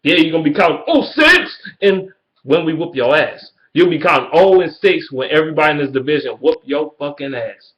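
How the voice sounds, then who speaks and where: A man rants straight into the camera about a rival team, profane and cocky. He keeps breaking into high, mocking sing-song taunts. The sound is dull and lo-fi, with a roomy echo around his voice. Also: fairly quick. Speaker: sports fan vlogger. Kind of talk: ranting fan response video. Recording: echoey room, dull lo-fi sound.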